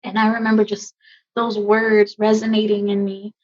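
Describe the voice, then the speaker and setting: A woman army veteran in her thirties, telling a personal story in a podcast interview, emotional and halting with many fillers. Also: medium pitch, monotone. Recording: dull lo-fi sound.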